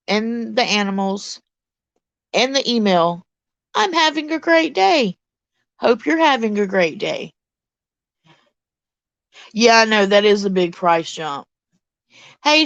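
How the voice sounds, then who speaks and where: A middle-aged woman with a Deep South Mississippi accent, chatting bluntly and casually as a livestream host reading her chat. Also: dry recording, highs cut off.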